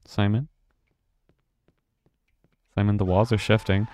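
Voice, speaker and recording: A man with a somewhat low voice plays a horror game on a live stream and keeps up a running, casual commentary. He reacts out loud to each turn of the game. He sounds like he is talking into a desk mic at home. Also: steady tone, a little slow, long pauses, no echo. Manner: chatty, reacts aloud to the game.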